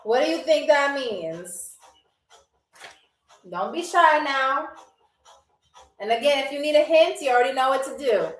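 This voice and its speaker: A woman hosting a live-stream game show, playful and teasing with viewers, often slowing down to repeat words carefully. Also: high voice, lively intonation, far from the mic. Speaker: game show host on a livestream. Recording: echoey room.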